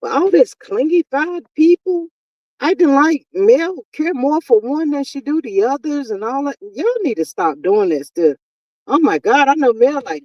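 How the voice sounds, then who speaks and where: A woman's voice: sits high, animated, a little mellow, no echo, dull audio. Exasperated woman streamer, dry and distant. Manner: exasperated, talkative, drawn-out exclamations. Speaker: YouTube commentary host. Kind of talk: casual live-stream commentary.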